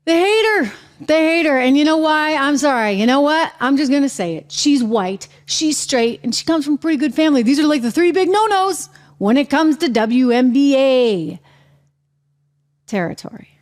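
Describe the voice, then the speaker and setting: A woman's voice: high-pitched, lively intonation, moderate pace, darkish tone. A woman hosting her own show, delivering emphatic, indignant commentary and repeating her points. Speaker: show host. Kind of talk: opinionated commentary.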